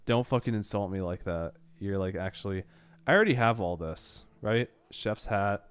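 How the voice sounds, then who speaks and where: Young man, game streamer, lowish voice, smooth tone, rambling chatter, allergy-stuffed nose. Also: animated, moderate pace. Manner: rambling, swearing, mock exasperated exclamations.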